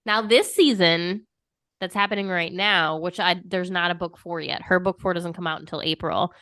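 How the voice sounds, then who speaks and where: A woman's voice: lowish voice, moderate pace, sharp tone, no room sound, clean studio sound. A woman co-hosting a podcast in casual chat, eager and talkative, often acting out what she and others said. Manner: chatty, eager, quotes herself and others. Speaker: podcast co-host.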